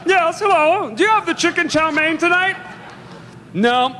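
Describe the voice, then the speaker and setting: A man performing stand-up comedy, telling a dry story and dropping low and deadpan for the lines he quotes. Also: brisk, in a large hall. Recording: show clip with noisy background.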